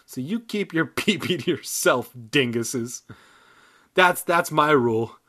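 A man's voice: on the high side, expressive, slow, bright, forceful tone. A man reading a children's book aloud and breaking off into crude, irreverent comic asides. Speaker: comedic reader. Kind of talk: comedic book reading with riffs. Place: San Diego.

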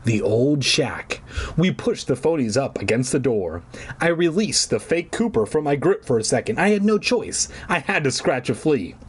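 A man's voice: mid-range voice, big pitch swings, normal speed, breathy edge. A man reading a children's horror book aloud, dropping jokey asides between passages.

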